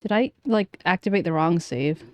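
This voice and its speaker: A woman's voice: on the low side, moderate pace, a little hiss or hum. A woman streamer chatting casually and self-deprecatingly between game lines, swearing now and then.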